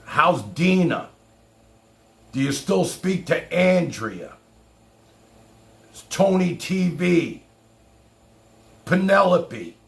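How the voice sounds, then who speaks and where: A man chats on his own livestream in a boastful, rambling manner. He talks slowly, his high voice swinging widely with a gravelly edge. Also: big pitch swings, fairly bright tone. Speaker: livestream host. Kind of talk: casual livestream chat.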